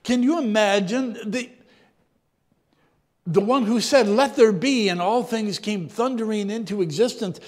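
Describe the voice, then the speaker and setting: A man reading scripture and preaching a reflective sermon, often clearing his throat, his voice sometimes dropping low and soft. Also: unhurried, pauses often, big-room sound.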